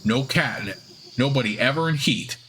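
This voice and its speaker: A man's voice: medium pitch, animated, moderate pace, pushed and bright, a little hiss or hum. Grumpy old cat familiar, sullen, complaining, a man reading him out, video game dialogue. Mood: sulky.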